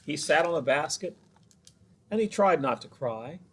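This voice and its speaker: A man's voice: on the high side, lively intonation, moderate pace, a little hiss or hum. A man who is a children's librarian, reading a picture book aloud with chatty asides to the children.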